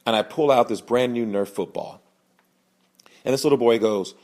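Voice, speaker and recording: A young man tells a personal story on his podcast, earnest and animated. His voice sits at an ordinary middle pitch. He jumps higher whenever he quotes the people in the story. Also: moderate pace. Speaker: podcast host, sales speaker.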